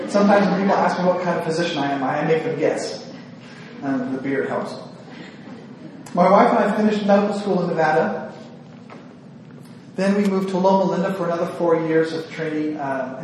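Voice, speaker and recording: Speaking to a women's gathering, a psychiatrist delivers an earnest talk that pokes fun at himself, slightly nervous and often restarting sentences. His male voice is on the high side, recorded on a distant mic in an echoey hall with noisy background.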